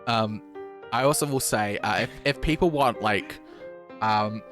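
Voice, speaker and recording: A man's voice: lowish voice, unhurried, music in the background. A man from New Zealand with a New Zealand accent, rambling in casual chat while streaming a game. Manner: rambling and chatty, full of fillers and restarts.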